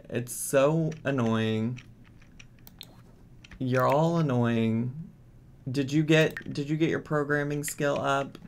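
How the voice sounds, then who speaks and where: An exasperated man narrating his game in a slow, unhurried way, his voice gravelly with creak. He talks casually and keeps scolding the characters on screen, with faint keyboard clicks behind him. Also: mid-range voice, a little hiss or hum. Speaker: gaming streamer. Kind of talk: casual let's-play commentary.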